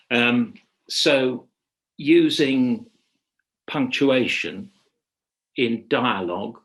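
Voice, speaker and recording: Slow, measured man giving a workshop. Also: medium pitch. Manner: measured and reflective, pausing to rephrase. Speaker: radio drama writer leading a writing workshop. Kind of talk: webinar lecture. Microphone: video call.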